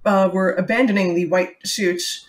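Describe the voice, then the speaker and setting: A woman's voice: mid-range voice, normal speed. A woman in her forties from New York City, co-hosting a podcast and telling wry, chatty stories. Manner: chatty storyteller, wry and lively. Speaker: podcast co-host. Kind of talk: casual chat.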